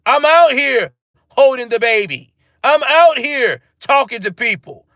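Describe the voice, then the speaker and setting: A man's voice: very high voice, lively intonation, unhurried, pushed and bright, no room sound, pitched above the performer's own voice, heavily acted. A man putting on a mocking impression of a boastful male governor bragging about his record, in a smug, swaggering voice.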